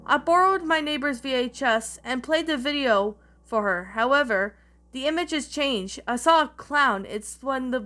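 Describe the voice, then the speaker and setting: A woman narrating a creepy story in a slightly halting reading voice, with restarts, over faint background music. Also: fairly high pitch, bright, forceful tone.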